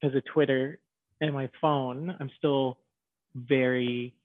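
A man's voice: mid-range voice, steady tone, takes it slowly, no room sound. Man on a tinny remote line. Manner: musing, hesitant, many fillers. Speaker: podcast co-host. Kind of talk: casual podcast chat. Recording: tinny phone-like remote audio.

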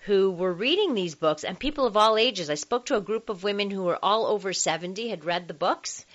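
A woman's voice: medium pitch, expressive, brisk, a bit bright, muffled recording. A woman hosting a radio talk show about sex, chatting casually with lots of fillers and easy laughter.

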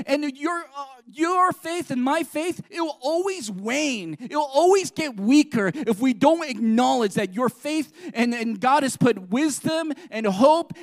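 A middle-aged pastor preaches a sermon in a strikingly high voice, swinging from hushed passages to loud, emphatic ones. He jokes at his own expense along the way. The sound is close and dry, with almost no room echo. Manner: self-deprecating humor, swings between soft and loud.

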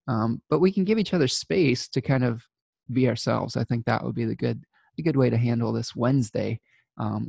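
A man's voice: medium pitch, vocal fry, mellow, no echo. A man giving a weekly astrology forecast in a casual, rambling way, with frequent restarts, fillers and small laughs.

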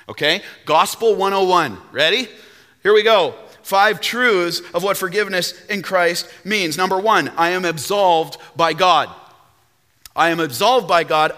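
A man preaching a sermon as pastor, emphatic and animated, now and then breaking into song. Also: high voice, big-room sound.

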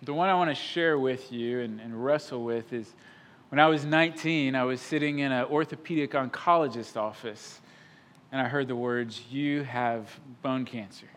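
A man preaching a sermon as pastor, emphatic, swinging from loud declarations to hushed, quiet lines. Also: medium pitch, moderate pace. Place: church sanctuary.

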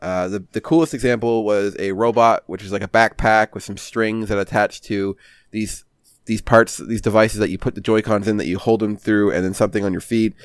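A man's voice: lowish voice, fairly even intonation, a little fast, clear, resonant tone, dry recording. A young man hosting a casual podcast, rambling through a comic story with swearing and many fillers. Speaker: podcast host. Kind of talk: casual chat.

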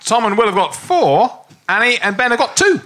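A man as the show's producer, reading out scores in a low-key way. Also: big pitch swings, normal speed, a bit bright.

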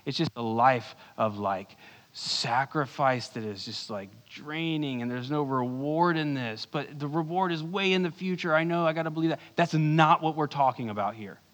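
A man preaching a sermon as pastor, earnest, moving between urgent bursts and hushed low lines. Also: normal speed. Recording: long hall reverb.

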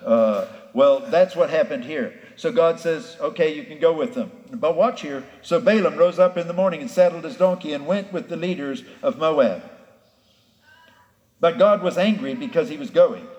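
Brief: male pastor, folksy storyteller, high voice, roomy hall sound. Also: moderate pace, darkish tone, dull audio. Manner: folksy storytelling preacher, acts out the characters. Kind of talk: sermon. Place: church sanctuary. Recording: echoey hall.

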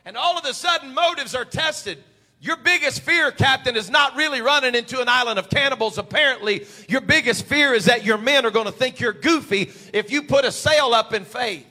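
A man preaching a fervent sermon, building up to shouts. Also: extremely high pitch, a little fast, big-room sound.

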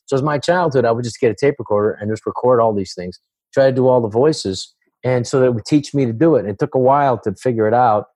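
A man's voice: medium pitch, quick pace, warm tone, no room sound. A man, a comedian and actor, chatting as a guest in an interview, rambling and acting out voices. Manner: rambling, many restarts, acts out voices. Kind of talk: casual interview chat.

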